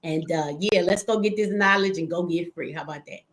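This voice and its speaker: A woman's voice: fairly low pitch, measured pace, slight background noise, rough recording. Blunt, profane woman hosting a live stream. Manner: blunt and profane, swings loud when scolding. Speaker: host of a live call-in show. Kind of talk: casual live-stream chat.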